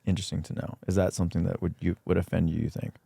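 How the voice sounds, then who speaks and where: Casting: low-voiced, easygoing Southern Californian podcast host, dry sound. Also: male voice, flat delivery, very fast, creaky, warm tone, husky, dry recording. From San Diego, California. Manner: laid-back, jokey, asks questions. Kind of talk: casual podcast chat.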